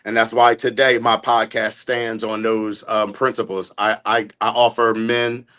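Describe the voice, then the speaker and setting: A man's voice: on the low side, flat delivery, a little slow, bright, forceful tone. A man with a Philadelphia accent, talking openly and bluntly about his temper in a casual group podcast chat. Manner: blunt, open, reflective. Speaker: podcast guest.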